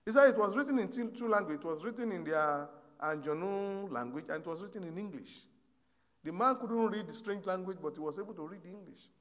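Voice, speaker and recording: A man preaching a sermon, telling a story and swinging from hushed asides to loud exhortation. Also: high voice, animated, brisk, long reverb tail.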